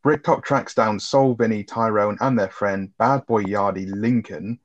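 Casually going over a movie's plot, this film podcast co-host stays laid-back and curses freely. His voice is on the low side, with fairly even intonation and a measured pace. It's captured in dull lo-fi sound.

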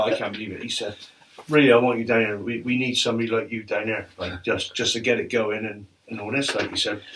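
A middle-aged man telling animated football stories in casual chat, laughing often. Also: medium pitch. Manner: laughs often, animated anecdotes, quotes others. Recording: distant mic with faint noise.

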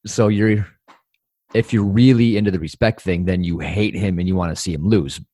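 A man in casual podcast chat, relaxed and reflective, mildly crude. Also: low-pitched, normal speed, no room sound, clean studio sound.

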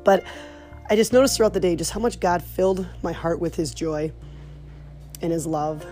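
A woman, a mother, earnestly telling personal faith stories in a casual, animated way. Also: on the low side, normal speed, faint music behind. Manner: earnest, animated retelling with laughs.

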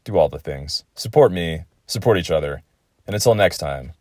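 A man's voice: deep voice, normal speed, no echo, clean studio sound. A man in his thirties hosting a casual comedic monologue at home, rambling and profane, with wild swings in delivery. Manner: profane, rambling, wildly animated. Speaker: podcast host.

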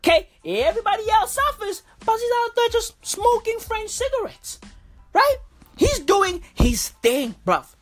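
A woman's voice: very high-pitched, sing-song, unhurried, soft background music. A woman reading aloud and riffing with slangy, profane comic commentary.

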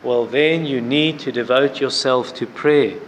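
A man preaching a sermon, earnestly urging prayer and fasting and citing scripture as he goes. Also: mid-range voice. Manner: earnest, repetitive exhortation with scripture references. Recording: echoey hall with faint background noise.

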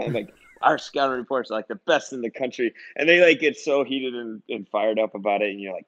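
A young adult man, a basketball coach, telling animated stories in a casual interview and acting out quoted dialogue. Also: mid-range voice, brisk, hardly any pauses, no echo, muffled recording. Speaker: junior college head coach, guest.

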